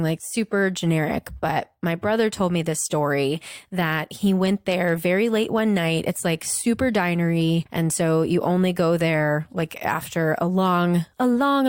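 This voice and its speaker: A woman hosting a podcast, telling a story in a fast, giggly, animated way and chatting casually. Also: fairly low pitch, dry recording, clean studio sound. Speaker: podcast host. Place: Chicago.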